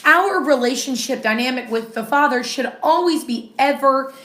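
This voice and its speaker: A middle-aged woman with a fairly high voice co-hosts a morning devotional in a roomy, echoing space. She chats in a playful, cheeky way and slows down when reading scripture aloud. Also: bright, forceful tone. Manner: playful, self-described cheeky, reads scripture slowly. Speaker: devotional co-host. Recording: echoey room.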